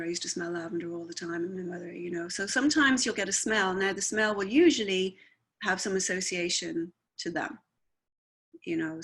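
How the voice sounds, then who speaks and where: A woman's voice: lowish voice, fairly bright tone. A woman who works as a spiritualist medium, talking in a chatty, rambling way and often checking with "right?". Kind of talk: conversational talk.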